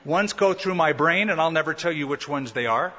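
A man delivers a sermon in a bright, slightly high voice and animates the quoted lines with rising pitch. The recording carries a long hall echo and sounds a bit muffled. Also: lively intonation, brisk, slight background noise. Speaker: pastor.

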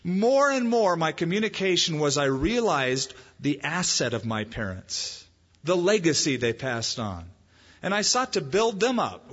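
A man delivers a sermon with a husky, slightly higher-than-usual voice and a conversational, emphatic way of preaching. The sound is muffled and carries a long echo from a church hall. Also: big pitch swings, a little slow, a bit bright. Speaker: pastor.

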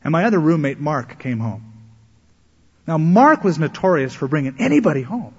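A male pastor delivering a sermon as a story, slipping into the voices of its characters. His voice is husky and fairly high. It rings out in a long-echoing hall on a dull, lo-fi recording. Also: big pitch swings, moderate pace. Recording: echoey hall, dull lo-fi sound.

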